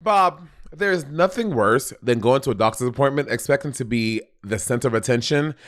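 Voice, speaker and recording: A man's voice: mid-range voice, fairly bright tone, clear, resonant tone. Slangy man in his thirties reading ads. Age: 30s. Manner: loose, slangy, laughing. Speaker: podcast co-host. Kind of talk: casual ad read.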